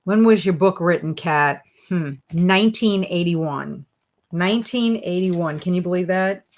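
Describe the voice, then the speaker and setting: A woman's voice: fairly low pitch, measured pace. Woman, young adult, casual live-stream host, playful, chatty, reads comments aloud. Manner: laughs often, playful. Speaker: livestream host.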